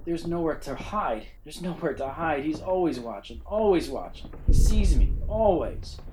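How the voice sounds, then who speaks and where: A man voicing a terrified, drunk young man who pleads and shouts in a storybook. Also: on the high side, lively intonation, moderate pace, background noise, voice pushed up, natural voice. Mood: haunted muttering.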